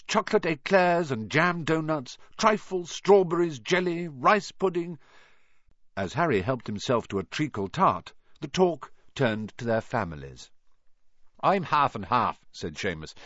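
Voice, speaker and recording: A man narrating a storybook in an expressive reading style. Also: fairly high pitch, dry recording, lo-fi sound. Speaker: audiobook narrator. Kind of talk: scripted narration.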